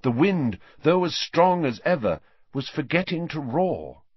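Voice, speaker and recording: Expressive husky male audiobook narrator. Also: on the high side, a little slow, dry recording. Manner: dramatic, shifting pace with the action. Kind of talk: storybook audiobook reading. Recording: dull dry lo-fi sound.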